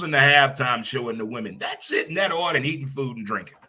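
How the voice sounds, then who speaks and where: A middle-aged man hosting a casual talk show, animated and quick to laugh, swearing casually. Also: mid-range voice. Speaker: show host.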